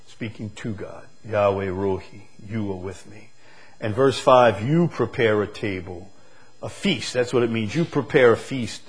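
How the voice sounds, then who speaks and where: A man preaching a sermon, moving from quiet, slow reflection to loud, emphatic declarations. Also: on the low side, breathy edge. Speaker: pastor.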